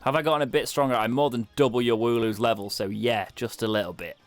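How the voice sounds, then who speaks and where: A man's voice: mid-range voice, steady tone, quick pace, faint music behind. A young British man giving chatty, wry commentary as he plays a video game, with self-mocking asides. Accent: British English. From Britain. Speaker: let's play streamer. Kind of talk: casual gameplay commentary.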